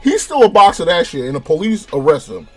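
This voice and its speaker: This show reviewer, a young man from California, speaks briskly in a voice on the high side as he gives a rambling, heavily profane, casual review of a TV episode, retelling it animatedly. Faint music can be heard in the background.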